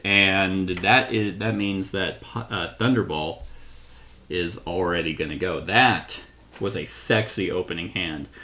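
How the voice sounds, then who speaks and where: Man, low voice, slow pace, solo card game playthrough, thinking aloud, reading rules. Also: a bit bright. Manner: thinks aloud, reads card text, self-correcting. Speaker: board game reviewer.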